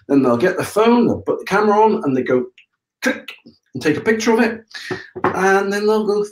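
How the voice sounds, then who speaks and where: A man's voice: on the high side, sing-song, moderate pace, echoey room, low-quality recording. A man hosting a casual live broadcast, explaining things step by step in a chatty way and checking in with listeners. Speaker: septic tank business owner hosting a live broadcast.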